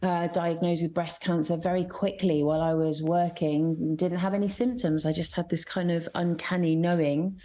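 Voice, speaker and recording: A middle-aged actress from Scotland giving a radio interview, candid and chatty, full of fillers and quick bursts of speech. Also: female voice, fairly low pitch, little pitch movement, dark tone. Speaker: actress, guest.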